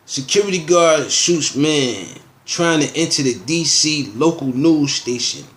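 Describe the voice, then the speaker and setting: A man's voice: fairly high pitch, unhurried, fairly bright tone. A man hosting his own show, reading news headlines and riffing on them in a loose, slangy, rambling way. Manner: loose and slangy, with frequent asides and filler phrases. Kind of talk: casual rambling news commentary.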